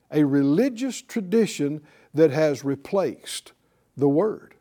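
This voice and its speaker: Male pastor mid-sermon, emphatic and questioning, fairly high voice with a warm, dark tone. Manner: emphatic preaching with rhetorical questions.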